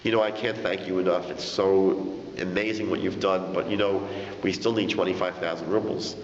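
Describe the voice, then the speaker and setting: A man's voice: low-pitched, flat delivery, moderate pace, a little hiss or hum, close to an everyday voice. A man voicing an earnest young rabbi. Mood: effusive. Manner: pleading, effusively grateful. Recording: dull echoey hall.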